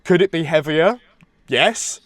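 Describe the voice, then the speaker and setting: A man with a slightly high voice co-hosts a casual music podcast, sounding stuffy and congested from hay fever. He rambles eagerly, restarting sentences, recorded close on a dry, deadened mic. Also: animated, takes it slowly, a bit bright, dry recording. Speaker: podcast co-host.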